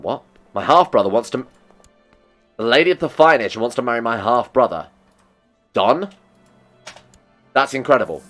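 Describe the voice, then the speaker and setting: A man hosting a strategy game playthrough, talking excitedly to his in-game characters and joking at his own mistakes. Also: medium pitch. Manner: self-mocking asides. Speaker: gaming video host. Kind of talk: let's play commentary.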